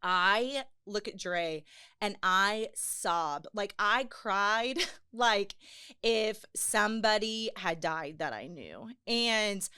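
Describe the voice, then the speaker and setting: A woman's voice: mid-range voice, very slow, smooth. Earnest woman telling her story. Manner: earnest, animated storytelling with many fillers. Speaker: podcast guest. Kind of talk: personal testimony in casual chat.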